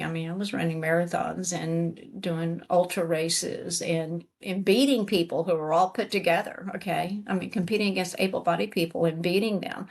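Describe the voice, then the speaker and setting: A middle-aged woman tells her story as an interview guest, acting out each voice in the exchange. Her voice sits a little low and sounds husky. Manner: animated storyteller acting out quoted dialogue. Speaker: interview guest, retired Army command sergeant major.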